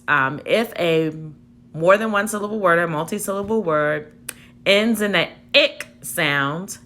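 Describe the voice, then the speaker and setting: A woman teacher giving a spelling dictation lesson, speaking deliberately, repeating each word and spelling it out letter by letter. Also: fairly low pitch, bright, forceful tone.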